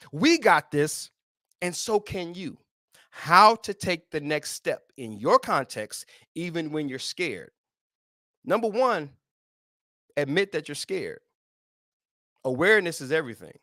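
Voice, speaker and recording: A man's voice: on the high side, fairly bright tone, no echo, studio quality. A man hosting a faith podcast, giving an emphatic motivational talk with a repetitive preaching cadence. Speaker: podcast host.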